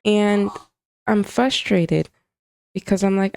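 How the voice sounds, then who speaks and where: Woman host with a warm, smooth voice. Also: lowish voice, unhurried, dry recording, clean studio sound. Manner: confiding, emotional, talks straight to moms. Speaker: podcast host. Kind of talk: candid casual monologue.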